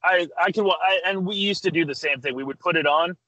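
Bright-voiced argumentative man. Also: sits high, quick pace, no echo. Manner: argumentative, stammers. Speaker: podcast co-host. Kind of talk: casual chat.

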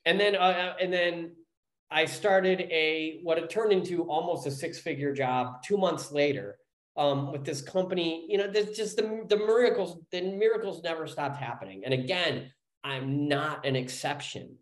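A man in his forties tells his personal story as a podcast guest. His voice sits a little high, and he rambles and restarts his sentences, growing lively as the story builds. The room around him is echoey. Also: moderate pace. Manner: rambling, restarts often, animated when telling a story.

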